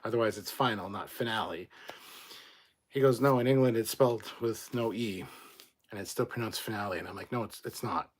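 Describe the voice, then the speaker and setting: A man's voice: on the low side, brisk. A man from Canada reading out viewer comments in a casual live chat, blunt and rambling, swearing freely.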